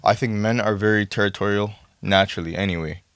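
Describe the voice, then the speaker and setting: A man from Toronto, co-hosting a casual podcast, telling a story with animated stammering restarts. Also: fairly low pitch, fast talker, clean tone, no echo. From Toronto, Canada. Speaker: podcast co-host.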